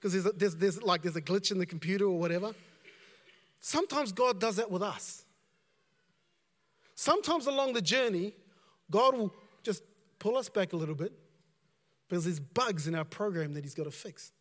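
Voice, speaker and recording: A man's voice: high-pitched, moderate pace, pauses often, fairly bright tone, big-room sound. A man preaching a conversational sermon as a pastor, repeating himself and dropping in asides.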